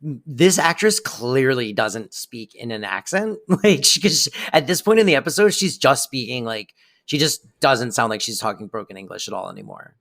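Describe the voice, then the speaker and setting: A man's voice: mid-range voice, animated, moderate pace, gravelly, hardly any pauses, a bit bright. Wry male podcast co-host. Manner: wry, critical commentary, trailing off. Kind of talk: casual recap chat.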